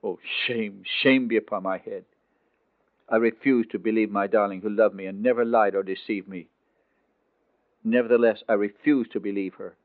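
A man's voice: fairly low pitch, fairly even intonation, moderate pace, no echo, close to an everyday voice. A man playing a remorseful young carpenter, speaking in an anguished, pleading way. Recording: tinny phone-like dry recording.

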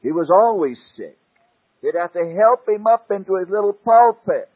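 A man preaching a sermon, swinging dramatically from loud declarations to hushed near-whispers, with a husky voice. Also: high voice, expressive, normal speed. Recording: tinny phone-like old sermon tape.

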